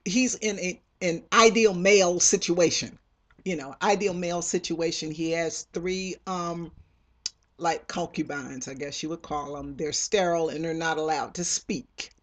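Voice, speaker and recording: Novelist, casual interview, mid-pitched, meandering delivery heavy on fillers, slips into character lines when retelling scenes. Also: steady tone, unhurried. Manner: rambling, many fillers and restarts. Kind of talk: casual talk about own novels.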